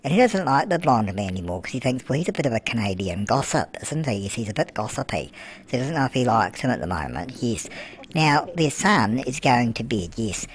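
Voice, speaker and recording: A man's voice: medium pitch, very animated, a little fast. A man voicing a gossipy grandmother character, narrating a life-sim game with cheeky asides, calling everyone love and answering his own questions. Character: chatty elderly grandmother persona, cheeky and gossipy. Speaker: gameplay narrator. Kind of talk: comedic gameplay commentary. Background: background music.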